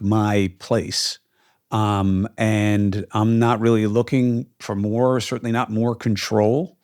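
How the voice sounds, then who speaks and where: Fairly low and smooth, with a slightly mellow quality, this man's voice carries his podcast. He argues his views with emphasis, and the opinionated, casual talk is full of filler sounds.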